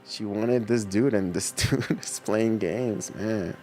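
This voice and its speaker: With faint music in the background, a middle-aged man talks slowly in a lowish, slightly mellow voice. He hosts a livestream and reads chat messages, chatting with viewers in an easy, slangy way and laughing frequently.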